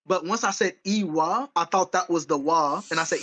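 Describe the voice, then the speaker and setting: A man's voice: high-pitched, moderate pace, a bit bright, low-quality recording. A man co-hosting a podcast in casual chat, rambling and correcting himself as he goes, with frequent laughs. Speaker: podcast co-host.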